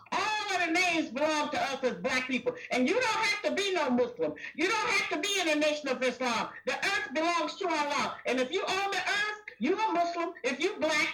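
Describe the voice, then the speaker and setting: An older woman talking bluntly and folksily, teasing her hosts. Her voice sits high and sounds bright. She comes through distant, as if set back from the microphone. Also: slight background noise. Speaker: guest. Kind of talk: casual chat.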